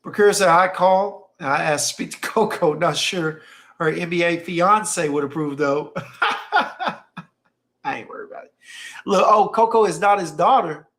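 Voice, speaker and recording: On his stream, a man with a fairly high, bright voice reads chat and shares casual stories at a normal speed. He tells them emphatically, frequently repeating phrases for effect.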